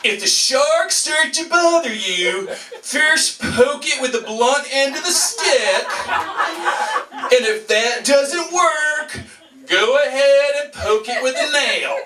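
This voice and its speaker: A man's voice: extremely high pitch, animated, slow pace, bright, forceful tone, reverberant, voice pushed up, exaggerated voice, rough recording. A man doing a laid-back boat captain. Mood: offhand.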